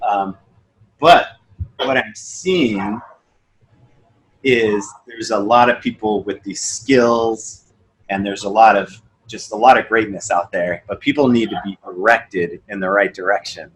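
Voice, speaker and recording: A man's voice: measured pace, rough recording. A young man guest on a podcast, casually telling stories and acting out the dialogue in them. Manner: storytelling, acts out dialogue with lively pitch jumps. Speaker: podcast guest, sales coach. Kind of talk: casual conversation.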